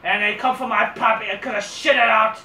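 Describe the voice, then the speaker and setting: A woman's voice: fairly high pitch, steady tone, brisk, bright, forceful tone, a little hiss or hum. A woman putting on a crude, rambling male wrestler who halts and stumbles. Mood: mock brooding. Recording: roomy echo from distant mic.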